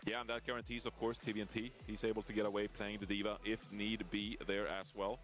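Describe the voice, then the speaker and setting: A man casting an esports match, explaining team strategy in a measured, analytical way. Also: on the low side, little pitch movement, a bit bright, faint music behind. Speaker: esports caster.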